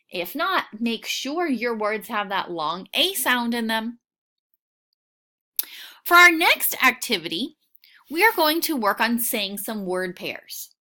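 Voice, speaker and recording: A woman teaching a recorded phonics lesson for children, patient and encouraging, sounding out each word clearly. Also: a little high, bright, forceful tone. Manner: slow, clearly sounding out words.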